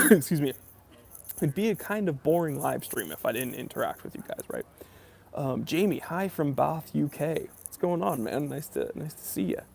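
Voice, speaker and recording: A man's voice: fairly high pitch, big pitch swings, moderate pace, creaky, a bit bright. A man hosting a casual live stream about watches, reading viewers' chat comments aloud and answering them in an easygoing, rambling way full of ums and uhs. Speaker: watch channel host.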